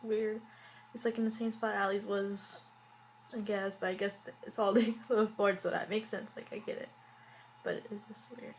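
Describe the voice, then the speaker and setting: A woman talks through a TV episode recap in a loose, chatty vlog style, her sentences packed with "like" and "uh." She throws in wry, exasperated asides, and her pitch sits at an everyday middle level for a woman. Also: little pitch movement, normal speed, slight background noise, low-quality recording. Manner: rambling, heavy use of "like" and fillers. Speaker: TV show reviewer.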